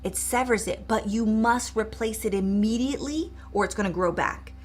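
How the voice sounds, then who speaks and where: A middle-aged woman coach who speaks straight to her viewers with upbeat encouragement and leads a short eyes-closed exercise in a softer voice. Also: fairly high pitch, normal speed. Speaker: mindset coach. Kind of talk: live coaching demonstration.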